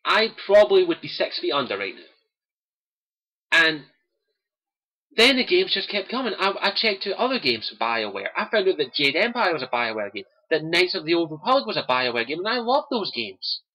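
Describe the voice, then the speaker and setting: Talking straight to his gaming-stream audience, a young Scottish host delivers a personal monologue in a voice that's high for a man, bright and forceful, with big pitch swings at a moderate pace. Earnest and impassioned, he circles back to the same phrases again and again.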